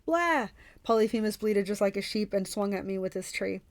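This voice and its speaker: A woman reading a novel aloud for a book club, in steady first-person narration. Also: mid-range voice, fairly quick, dry recording.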